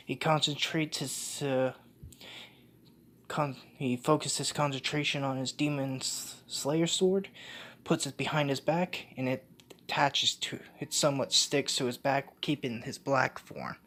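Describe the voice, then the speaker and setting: Man, unhurried delivery, mid-pitched voice, halting, frequent restarts, casual storytelling. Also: fairly even intonation, pushed and bright. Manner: halting, many restarts and self-corrections; casual, slangy. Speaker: fan fiction storyteller. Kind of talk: unscripted story retelling.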